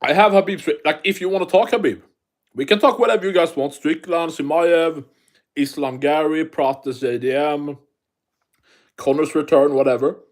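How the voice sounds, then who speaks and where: A man's voice: fairly high pitch, moderate pace. A man from Sweden, hosting a casual live stream, chatting and reading the chat aloud while swearing freely.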